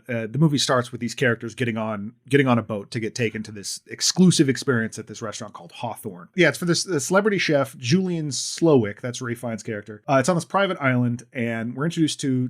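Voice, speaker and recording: A man co-hosting a podcast in casual chat, recapping a film in a rambling way, full of restarts. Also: medium pitch. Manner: rambling, with many fillers and restarts. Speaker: podcast co-host.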